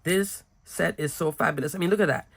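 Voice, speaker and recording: A woman with a raspy, slightly sick voice, casually showing her handmade cards with goofy giggles. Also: lowish voice, a little fast. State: a little sick, hoarse. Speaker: card-making crafter. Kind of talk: casual craft tutorial chat.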